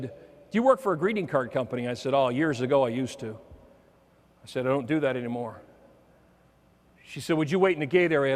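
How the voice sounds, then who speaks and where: Man telling a story in a reverberant hall. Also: fairly high pitch. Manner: humorous storyteller, softening for quoted lines. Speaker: motivational speaker. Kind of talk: keynote storytelling.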